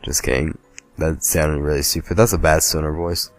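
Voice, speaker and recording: A man's voice: a bass voice, little pitch movement, moderate pace, no echo, faint music behind. A man casually commenting on a game as he plays, rambling and joking at himself. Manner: rambling, joking, self-deprecating. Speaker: let's play host.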